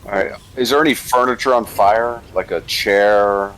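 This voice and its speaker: A man's voice: fairly low pitch, fairly even intonation, moderate pace, fairly bright tone, rough recording. A man playing a tabletop game, thinking aloud about the rules. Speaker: player. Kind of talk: casual game chat.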